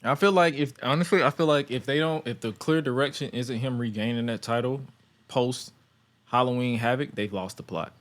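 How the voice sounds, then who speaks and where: A man co-hosting a casual wrestling talk show, relaxed, joking and opinionated. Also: medium pitch, moderate pace. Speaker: podcast co-host.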